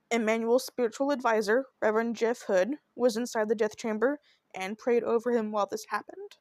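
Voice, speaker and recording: A woman's voice: on the high side, steady tone, brisk, dry recording, clean studio sound. A woman hosting a true crime podcast, narrating a case in an earnest, emotional and heartfelt way. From Oklahoma.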